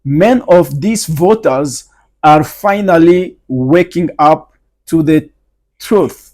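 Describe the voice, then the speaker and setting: A man's voice: on the high side, a little mellow. A man hosting a reaction channel, addressing his viewers over and over as he comments. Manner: keeps calling out to the viewers, repeating himself. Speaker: channel host.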